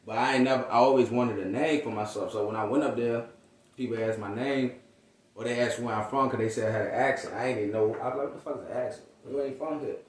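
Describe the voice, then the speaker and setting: A man's voice: medium pitch, quick pace, slight background noise. A man who raps, from Virginia, telling stories in a casual, slangy way and acting out the voices of people he quotes. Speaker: rapper. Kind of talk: casual storytelling interview. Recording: roomy echo, distant mic.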